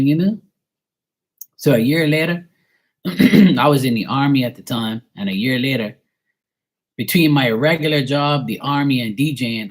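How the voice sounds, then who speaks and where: A man in his forties from Bermuda, telling a personal story in a rambling, blunt, heavily profane way with many fillers. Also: mid-range voice. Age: 40s. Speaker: tarot reader streaming live.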